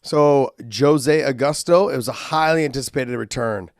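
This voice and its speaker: A man's voice: medium pitch, normal speed, dry recording. A man with a mid-range voice co-hosts a podcast in easygoing chat, working in filler words as he talks. The sound is dry and close. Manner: loose and conversational, with filler words. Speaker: podcast co-host. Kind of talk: casual chat.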